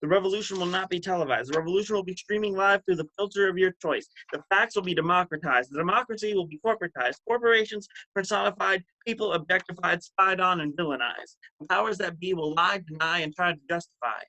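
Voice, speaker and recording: A man with a high, bright voice performs a spoken word poem at an online open mic. His delivery is rhythmic and builds through long lists. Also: quick pace, few pauses, rough recording. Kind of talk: spoken word poetry reading.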